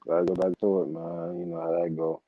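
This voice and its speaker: A young man with a low voice talks briskly, telling a profane, casual story about his boss. He animatedly acts out the heated exchange, quoting the outbursts, on a dull, lo-fi recording.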